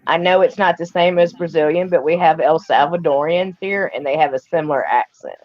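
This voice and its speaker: A woman's voice: low voice, fairly quick. Tennessee woman on a dull video call. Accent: Tennessee Southern. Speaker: livestream guest. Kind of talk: casual chat.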